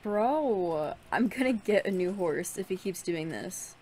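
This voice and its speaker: A woman's voice: medium pitch, animated, measured pace, a little mellow, a little hiss or hum. A young woman hosting a gaming channel, giving casual commentary as she plays, frustrated, swearing at her horse and laughing between insults.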